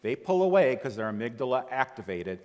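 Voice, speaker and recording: A man speaking from a stage to a live audience, his pitch rising and falling a lot as he tells the story and acts out the voices of the people in it. Now and then he turns to the listeners with a question. His voice trails off into the long reverb of a big hall. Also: big pitch swings, fairly quick, a little mellow. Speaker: TEDx speaker. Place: large auditorium.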